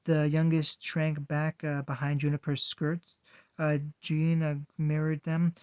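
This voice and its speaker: Halting man reading fan fiction. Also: a little high, completely flat delivery, clear, resonant tone, no echo. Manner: halting, with frequent fillers and restarts. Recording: dull lo-fi dry home recording.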